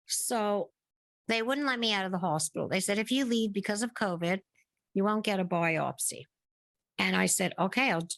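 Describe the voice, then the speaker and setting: A woman's voice: mid-range voice, a bit bright, dry recording. A middle-aged woman, a guest on a podcast, telling a long personal story and acting out the conversations she remembers. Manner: narrates at length, acting out remembered dialogue. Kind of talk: casual interview storytelling.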